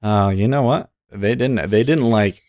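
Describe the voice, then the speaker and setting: A man's voice: fairly low pitch, unhurried, darkish tone, no room sound, clean studio sound. A man hosting a live day-trading stream, thinking aloud and cheering on his trades in easy casual chat.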